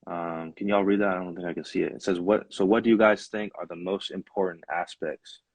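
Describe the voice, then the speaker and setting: A young man hosting a podcast, relaxed and steering the casual conversation. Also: deep voice, fairly quick, no echo. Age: young adult. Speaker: podcast host. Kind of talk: casual chat.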